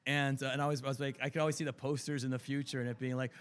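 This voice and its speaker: A middle-aged man, a comic book writer, chatting as a guest in an interview, telling animated stories and acting out quotes. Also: mid-range voice, very fast, clean tone. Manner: animated storyteller, acts out quotes, laughs often. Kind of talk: casual interview chat. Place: convention floor TV set.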